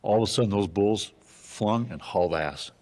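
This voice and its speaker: Deep-voiced man telling a rowdy story. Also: moderate pace. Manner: animated, profane, acts out dialogue in his stories. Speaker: guest. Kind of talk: casual storytelling.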